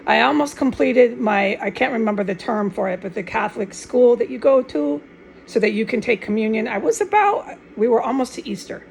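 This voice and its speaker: A woman's voice: fairly high pitch, lively intonation, a little fast, gravelly, darkish tone, a little hiss or hum, rough recording. A woman giving a fervent, rambling religious monologue to camera, often restarting and dropping in Spanish words. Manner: fervent and insistent. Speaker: online video maker.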